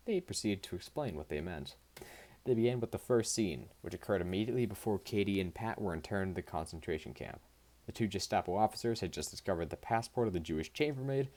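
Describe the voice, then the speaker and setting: Deep-voiced male audiobook reader. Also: darkish tone. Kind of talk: scripted nonfiction audiobook narration.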